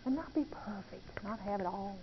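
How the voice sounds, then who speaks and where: A woman's voice: mid-range voice, animated, moderate pace, noisy background, voice pushed down, natural voice. A woman voicing a patient, loving God who coaxes her tenderly, in a dull lo-fi recording. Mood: gentle coaxing. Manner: soft, tender, reassuring.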